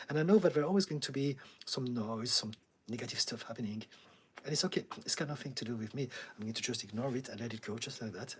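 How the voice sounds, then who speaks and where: Calm, husky-voiced male therapist. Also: medium pitch. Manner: calm, steady and reassuring, with frequent light laughs. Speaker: therapist hosting a live Q&A. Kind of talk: live-stream Q&A, reading chat comments.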